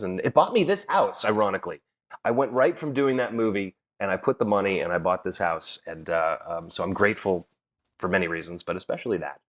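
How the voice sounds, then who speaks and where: Middle-aged man telling showbiz stories. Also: low voice. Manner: storytelling, laughs often, many fillers and restarts. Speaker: podcast guest, actor. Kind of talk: casual chat.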